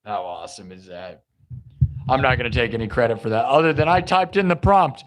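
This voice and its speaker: A man's voice: mid-range voice, a little fast. A young man hosting a live music stream, chatting and joking casually with his viewers. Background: live guitar music.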